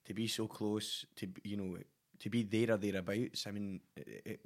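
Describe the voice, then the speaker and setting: A man's voice: on the low side, fairly even intonation, normal speed. A middle-aged Scottish man in casual chat, enthusiastic and full of "you know" and restarts. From Scotland.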